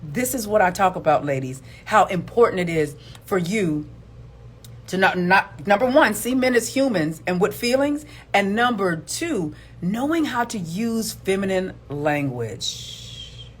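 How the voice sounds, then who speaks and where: A woman's voice: mid-range voice, expressive, a little slow, slightly rough. A woman giving emphatic, preachy commentary on relationships, repeating words for stress. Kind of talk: opinionated video commentary.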